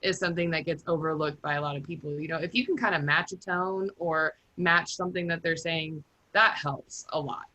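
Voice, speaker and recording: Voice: medium pitch, fairly quick, hardly any pauses, pushed and bright. A panel host who affirms the guests and asks practical follow-up questions. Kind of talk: hosting a panel discussion.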